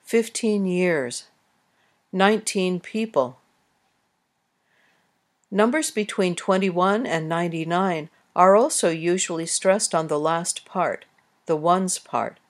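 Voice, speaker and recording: A woman narrating a scripted pronunciation lesson, speaking carefully with clearly enunciated words. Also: on the low side, measured pace. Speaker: English pronunciation teacher.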